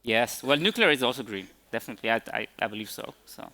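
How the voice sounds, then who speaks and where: Male tech speaker at a conference Q&A; bright voice, halting delivery. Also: mid-range voice, lively intonation. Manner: hesitant, many fillers and restarts. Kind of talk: conference Q&A answers.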